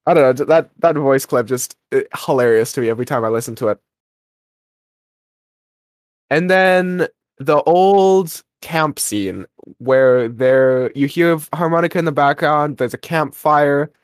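A man's voice: fairly high pitch, moderate pace, dry recording, clean studio sound. A young man co-hosting a podcast, chatting casually about a radio drama episode and wandering off on self-interrupting tangents. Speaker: podcast co-host.

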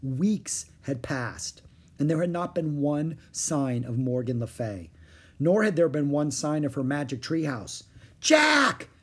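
A man reading a children's chapter book aloud in an expressive storytelling way. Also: fairly high pitch, unhurried, breathy edge. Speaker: storybook reader.

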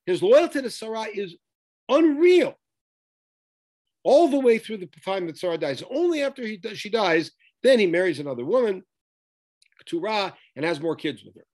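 Animated male Bible teacher. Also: sits high, brisk. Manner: reads Hebrew verses then explains them, animated and emphatic. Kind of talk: text study lesson.

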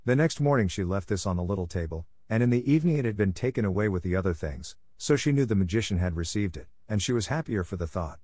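A man reading a classic storybook aloud in a calm, measured manner. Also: on the low side, no echo. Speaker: narrator. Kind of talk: storybook narration.

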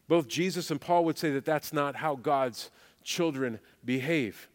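A man's voice: on the high side, unhurried, long reverb tail. A man preaching a sermon as pastor, emphatic and repeating phrases for weight.

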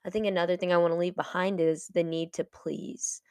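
A woman's voice: lowish voice, fairly even intonation, a little fast, a little mellow, clear, resonant tone, no echo, studio quality. A 21-year-old woman hosting a solo podcast, chatty and reflective and laughing often as she talks. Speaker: podcast host. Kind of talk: casual solo podcast talk.

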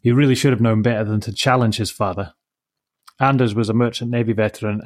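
A man hosting a podcast who reads a story aloud in a slow, measured, reflective way. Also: fairly low pitch, level tone, darkish tone.

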